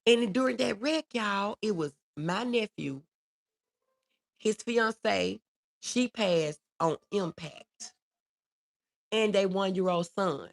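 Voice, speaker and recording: A woman's voice: medium pitch, takes it slowly, creaky, long pauses. A middle-aged woman, hosting a casual livestream, reading viewer comments and talking with feeling. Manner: warm, reads viewer comments aloud, emotional. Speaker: livestream host.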